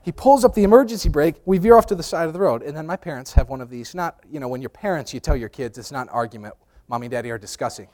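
A man preaching a sermon, telling lively personal stories, acting out voices loudly and often repeating words as he restarts. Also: on the high side, very fast. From New York. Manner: animated storyteller, acts out voices loudly. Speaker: pastor. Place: church sanctuary.

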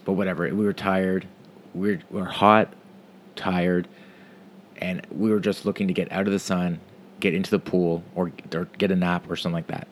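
A man's voice: low voice, level tone, moderate pace, slight background noise. A man telling a rambling, profane story about his vacation in a casual monologue.

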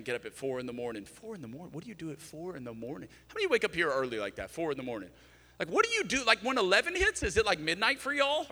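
A man's voice: a little high, pushed and bright. A pastor in his thirties preaching a sermon in a conversational, storytelling way, acting out both sides of the conversations he recalls. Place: church sanctuary. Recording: long church-hall reverb.

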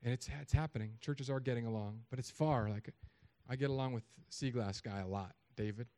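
Male preacher, mid-range voice, sermon delivery that is animated and casual, with loud emphatic peaks and dry quiet asides. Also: medium pitch, brisk. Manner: conversational and joking.

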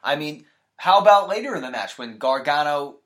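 A man's voice: a little high, expressive, moderate pace, fairly bright tone. A man appearing as a podcast guest, chatting casually about wrestling with jokey, mock-indignant rants.

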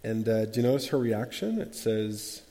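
A man leading a group Bible study, animated, acting out quotes and often restarting his sentences. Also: fairly low pitch, normal speed, in a large hall.

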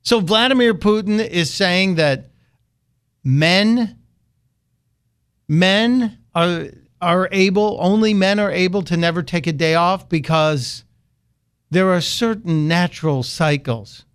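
A male radio host giving a sarcastic political monologue. His voice sits a bit high for a man, and he mocks his subject as he talks. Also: slow, smooth. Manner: sarcastic, mocking. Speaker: radio talk show host.

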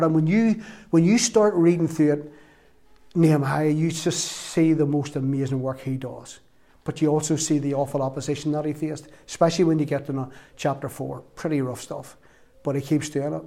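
A man's voice: fairly high pitch, dark tone. A middle-aged man preaching an earnest, emotional sermon that urges his congregation to pray.

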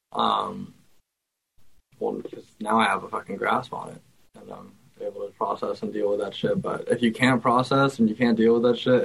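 A man's voice: on the low side, vocal fry, slightly rough, rough recording. A man, a musician guest in an interview, talking casually with hesitations and frequent swearing.

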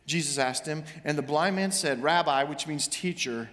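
Pastor, male, high-pitched, animated sermon delivery, long hall reverb. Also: moderate pace, hardly any pauses. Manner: animated, acts out scripture voices, shouts for emphasis.

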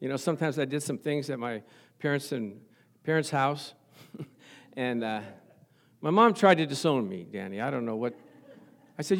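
A man's voice: mid-range voice, lively intonation, normal speed, vocal fry, pauses often, a bit bright. A middle-aged male pastor preaching a sermon, stressing points by repeating phrases and chuckling at his own stories.

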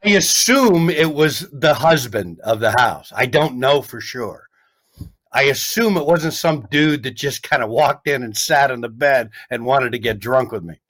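A comedian guest telling a story in casual chat, rambling and animated with lots of restarts. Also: male voice, medium pitch, unhurried.

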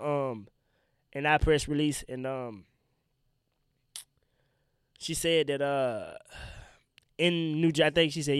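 A man's voice: on the high side, clean tone, no room sound, studio quality. Blunt, profane young man ranting on a podcast. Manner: blunt, profane, heated and rambling. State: sick, congested from pollen. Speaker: podcast host and stand-up comedian. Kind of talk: solo podcast rant.

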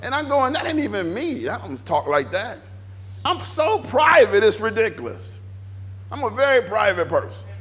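A man preaching in a church with a high, lively voice that swings widely in pitch. He talks in an animated way, stacks repeated phrases and acts out back-and-forth dialogue in character. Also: normal speed. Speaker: pastor. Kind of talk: sermon.

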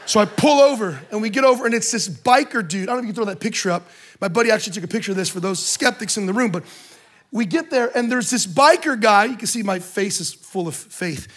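A man speaking to a church audience, telling a humorous story with lively, joking asides. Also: sits high, fast talker. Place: in front of a live audience in a room.

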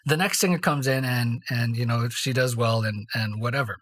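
A podcast co-host telling stories in a casual faith chat, mid-pitched and easygoing. The telling rambles and restarts, and keeps checking in with a quick "right?". It is a loose, conversational delivery. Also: fairly bright tone. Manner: rambling storyteller, tags lines with "right?".

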